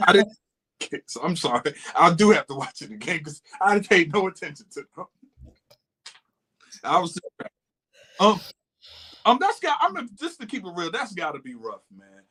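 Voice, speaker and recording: A man co-hosts a casual reality-TV recap. His fairly high voice swings widely as he jokes and tells stories. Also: moderate pace, pauses often, breathy edge, poor audio. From Atlanta, USA. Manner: animated, joking storyteller. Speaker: co-host.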